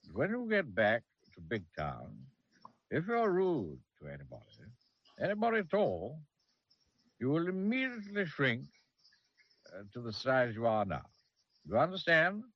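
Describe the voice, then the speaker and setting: A man's voice: medium pitch, huge pitch swings, a little slow, long pauses, muffled recording, voice pushed up. A man voicing a stern, regal king of the goblins who speaks in a stately, lecturing way in an old cartoon.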